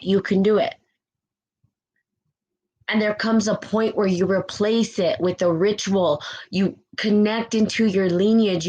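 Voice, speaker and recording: This rough recording captures a medium-pitched woman leading a spiritual live stream with an impassioned pep talk. She's on the verge of crying, reads out comments from viewers, says the same phrases again and again, and punctuates her points with "right?"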